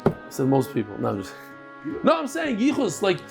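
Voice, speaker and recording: A middle-aged man leads a daily Talmud class in front of a live room of students. His voice sits fairly high, and he talks in an animated way, firing off questions and answering them himself. He breaks off now and then to banter with people in the room. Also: fairly quick, gravelly, over music. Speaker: Talmud teacher.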